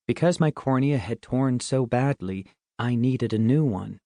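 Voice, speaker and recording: A man's voice: medium pitch, a little slow, warm tone, no room sound, studio quality. A man reading a first-person middle-grade audiobook in a wry, conversational way. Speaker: audiobook narrator.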